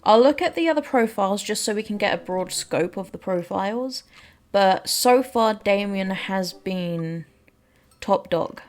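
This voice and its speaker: A woman's voice: mid-range voice, expressive, a little slow. A woman giving rambling, self-deprecating casual commentary while playing a game. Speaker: let's play host.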